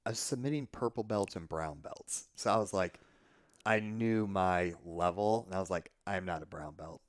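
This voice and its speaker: A man telling a long story in casual conversation, animated and profane, often restarting his sentences. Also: on the low side, moderate pace, clean tone, dry recording, studio quality. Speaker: podcast guest.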